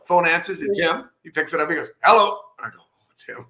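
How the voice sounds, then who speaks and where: A middle-aged man, a comic book artist, telling stories in a casual interview, animated and laughing often as he acts out the people he quotes. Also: a little high, fast, a crowd in the background.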